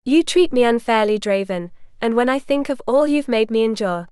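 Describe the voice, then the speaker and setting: A woman voicing a proud, stubborn young noblewoman who speaks indignantly and with a sharp tongue. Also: on the high side, expressive, moderate pace, clear, resonant tone, no echo, studio quality, natural voice.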